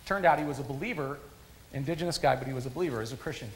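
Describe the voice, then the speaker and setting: A man preaching a sermon at a church service, a lively storyteller who repeats phrases for emphasis. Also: medium pitch, racing. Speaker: pastor.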